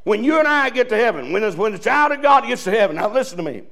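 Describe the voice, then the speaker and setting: A man's voice: high-pitched, big pitch swings, quick pace, fairly bright tone. A male pastor preaching a sermon in a folksy, joking way, full of restarts and chuckles. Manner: folksy, joking preaching with laughs and repeated starts.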